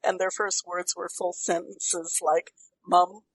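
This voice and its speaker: A woman's voice: fairly low pitch, flat delivery, unhurried, slightly rough, low-quality recording. A woman hosting an interview, blunt and jokey in how she asks her questions. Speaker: host. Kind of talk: casual interview.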